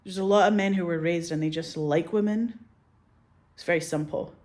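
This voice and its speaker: A woman in her forties talks in an animated, candid way as a filmmaker in a casual interview. Her voice sits a little low. She swears freely, strings thoughts together with "like", and slips into quoted voices as she tells her stories. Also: normal speed. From Scotland. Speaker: filmmaker guest.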